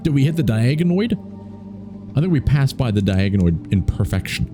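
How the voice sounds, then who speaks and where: A man's voice: medium pitch, very animated, a little fast, music in the background. A man hosting a let's play, chatting playfully and reacting aloud to the game. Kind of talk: casual gameplay commentary.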